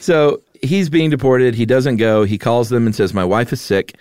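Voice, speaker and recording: A man's voice: medium pitch, normal speed, a little mellow, no room sound, clean studio sound. A man co-hosting a podcast, recounting events in casual chat with light humor. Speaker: podcast co-host.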